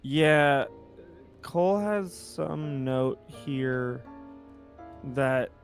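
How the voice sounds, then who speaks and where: A male player with a mid-pitched voice who talks carefully, checking notes and rules before he commits to a roll. Faint music plays behind him. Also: drawn-out words, vocal fry. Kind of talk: casual tabletop play.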